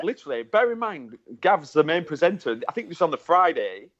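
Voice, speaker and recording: A man co-hosting a podcast, telling an animated story and mimicking the people in it. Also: a little high. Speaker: podcast co-host. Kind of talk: casual chat. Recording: dull lo-fi podcast audio.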